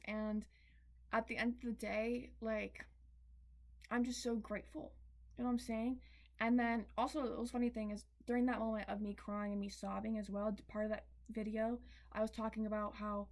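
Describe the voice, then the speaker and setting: Candid, swearing young woman confiding a story. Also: on the high side. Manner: candid, swings between excited and tearful, swears freely; emphatic, repeats words. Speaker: vlogger. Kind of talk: confessional storytime.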